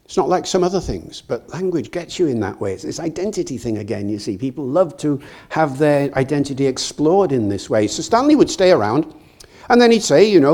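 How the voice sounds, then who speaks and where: Older man, british, lecture hall talk, lively storyteller voice, acts out quotes. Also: on the high side, fairly quick. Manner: lively, digressive, quotes others in acted asides. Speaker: guest lecturer.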